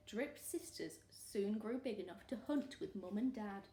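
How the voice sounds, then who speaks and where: A woman teacher reading a storybook aloud to children in an expressive, animated way. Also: mid-range voice, measured pace, hardly any pauses, slight background noise. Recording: roomy echo.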